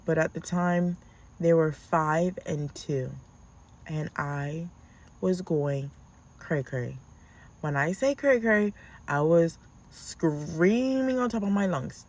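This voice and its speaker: A woman telling casual, animated stories as a podcast host, acting out how she scolds her kids. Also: lowish voice, takes it slowly. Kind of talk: casual storytelling.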